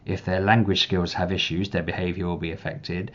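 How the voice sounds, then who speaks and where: Deep-voiced man, rambling vlog chat. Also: fairly quick, muffled recording. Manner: rambling, restarts often, animated when reenacting. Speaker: parent vlogger. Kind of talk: casual chat to camera.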